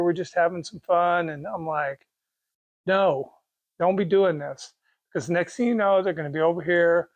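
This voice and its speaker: Folksy gravelly Kansas man, middle-aged. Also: a little high, no room sound. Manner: rambling, folksy, with restarts and quoted dialogue. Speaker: race car parts business owner. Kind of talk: casual storytelling.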